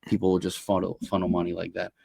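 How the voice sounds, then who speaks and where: A man's voice: sits low, quick pace, vocal fry, no room sound. A man hosting a podcast, chatting casually in a rambling way with many restarts. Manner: rambling, restarts often, animated when amused. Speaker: podcast host. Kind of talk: casual chat.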